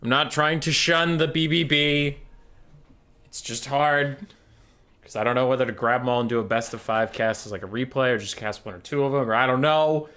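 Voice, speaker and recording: A man streaming a strategy game, chatting casually and brashly with his viewers, swearing freely and reacting out loud. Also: mid-range voice, moderate pace. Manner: brash, swearing, animated, talks to chat. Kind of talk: casual gaming stream chat.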